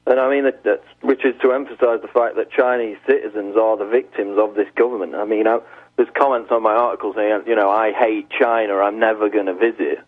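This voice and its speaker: A man's voice: on the low side, fairly even intonation, a little fast. A man who is a guest on a talk radio show, explaining earnestly and restarting his phrases. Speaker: guest, journalist. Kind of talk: talk radio interview by phone. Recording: tinny phone line.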